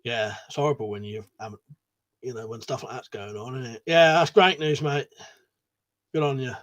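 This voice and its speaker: At a moderate pace, a British man with a mid-range, fairly bright voice hosts a laid-back livestream. He reads viewer messages out loud, banters back like a mate and swears freely.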